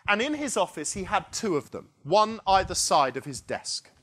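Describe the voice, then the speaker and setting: A man giving a conference keynote, telling a story in an animated way and acting out the people in it. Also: high-pitched, normal speed. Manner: animated, acts out quoted characters. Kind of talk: storytelling presentation. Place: conference hall.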